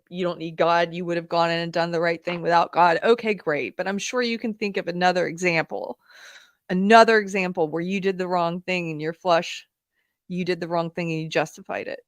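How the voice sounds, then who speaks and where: A woman hosting a live talk show, telling a personal story in a candid, animated way with fillers and laughs, at times close to tears. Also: lowish voice, brisk, clean tone, dry recording. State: emotional, near tears. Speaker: podcast host. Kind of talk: live-streamed commentary, personal anecdote.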